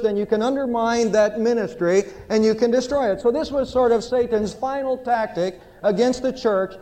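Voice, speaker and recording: A pastor preaches a sermon in an emphatic, storytelling manner. His voice sits fairly high for a man. The church sanctuary adds a long reverb tail to every phrase. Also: mellow.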